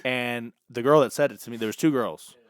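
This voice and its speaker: Young guy, podcast co-host, spins an animated story, smooth clear voice. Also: medium pitch, brisk, no echo, clean studio sound. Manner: animated, acts out quoted dialogue. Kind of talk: casual storytelling chat.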